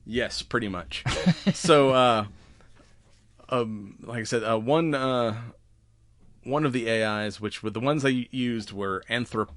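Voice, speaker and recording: A man's voice: mid-range voice, fairly bright tone, no room sound. A man hosting a podcast in casual chat, rambling with lots of laughs and swearing. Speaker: podcast host.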